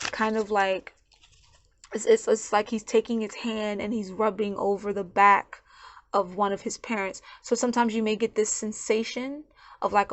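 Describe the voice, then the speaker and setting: A woman giving a channeled tarot reading in a loose, conversational way, often repeating words as she searches for her thoughts. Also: mid-range voice. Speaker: tarot reader.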